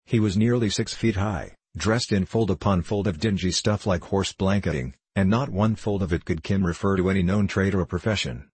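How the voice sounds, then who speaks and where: A man doing measured, steady audiobook narration. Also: low-pitched, husky, dry recording.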